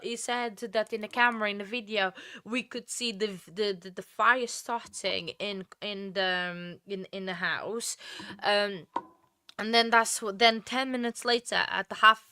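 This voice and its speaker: A woman's voice: medium pitch, sharp tone, dry recording, clean studio sound. A tired woman hosting a true crime livestream, chatting casually and rambling while she comments on a trial. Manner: chatty, rambling, apologetic asides. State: tired, yawning.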